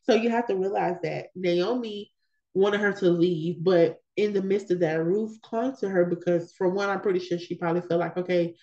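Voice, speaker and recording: A woman leads a Bible study in a relaxed, conversational way and drives her points home by repeating key words. Her voice sits a little low and sounds warm and mellow. The recording is dull and lo-fi. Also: moderate pace. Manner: conversational, with emphatic repetitions. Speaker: women's Bible study leader. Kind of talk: scripture reading with casual commentary.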